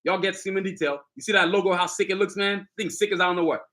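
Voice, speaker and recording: A middle-aged man hosts a casual live stream, showing off his sneakers and hyping them to viewers. His voice sits high and sounds bright. He talks with swagger and loose street slang. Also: rapid-fire. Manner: hyped, boastful street slang, addresses viewers directly. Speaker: sneaker designer and channel host.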